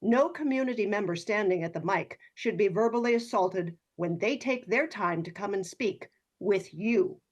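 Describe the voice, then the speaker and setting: A woman giving polite, measured public comment to a police commission. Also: mid-range voice.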